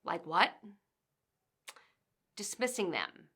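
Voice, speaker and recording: Woman trainer, bright forceful voice, measured explanatory delivery. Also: mid-range voice, expressive. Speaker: workplace communication trainer and author. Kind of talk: instructional narration.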